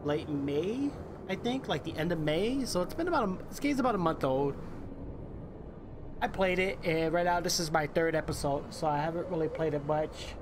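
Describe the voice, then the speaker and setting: A man streaming a game with a voice that sits a touch higher than most men's. He chats loosely and keeps calling out to his viewers between moves, over a clearly noisy recording. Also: lively intonation, moderate pace. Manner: chatty, talks straight to viewers, hypes them up. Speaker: live streamer. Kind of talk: casual gameplay commentary.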